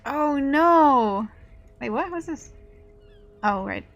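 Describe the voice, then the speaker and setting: A woman streaming a video game, reacting with excitable, swear-filled casual commentary. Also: high voice, slow pace.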